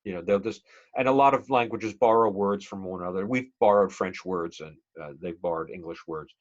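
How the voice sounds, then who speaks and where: Low-voiced man lecturing a class. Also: brisk. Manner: conversational, many fillers, asks the class questions. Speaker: college speech instructor. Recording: dull lo-fi classroom recording.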